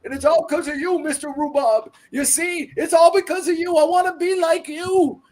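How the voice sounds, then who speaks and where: A squeaky frantic baker. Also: male voice, normal speed, a little mellow. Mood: sheepish. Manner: rambling, rustic drawl, pleading. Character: anxious middle-aged man baker, ex-crook, doting dragon papa. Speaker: game master. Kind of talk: tabletop role-play character voice.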